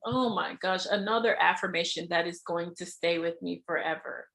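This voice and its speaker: A bright-voiced woman hosting a casual podcast interview. She talks in an animated, expressive way, often laughing mid-sentence and swearing freely. Her tone is lively and conversational. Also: mid-range voice, unhurried, gravelly, few pauses. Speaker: podcast host.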